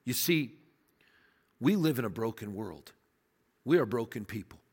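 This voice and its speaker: An older man preaching as a pastor, telling a story and swinging between emphatic peaks and quiet low asides. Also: lively intonation, unhurried, slightly rough. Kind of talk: sermon. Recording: long reverb of a large hall.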